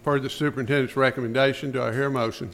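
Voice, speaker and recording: A man chairing a school board meeting, running through motions and votes in a brisk, routine manner. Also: mid-range voice, steady tone, a bit bright, slight background noise. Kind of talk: formal meeting procedure.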